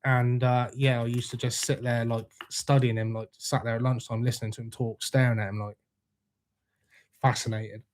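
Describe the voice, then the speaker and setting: A young British man hosts a casual live stream, reading out viewer comments as they come in. He talks in a loose, laid-back way and drops in jokes and swearing with ease. His voice sits at an ordinary pitch for a man. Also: little pitch movement, normal speed. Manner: laid-back, swears freely, jokey banter with chat. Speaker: livestream host.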